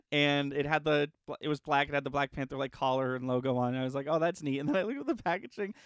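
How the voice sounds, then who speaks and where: A man's voice: fairly high pitch, fast, fairly bright tone, clean tone, dry recording, studio quality. A man co-hosting a casual movie podcast, easygoing and chatty, prone to giggling. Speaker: podcast co-host. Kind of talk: casual movie review chat.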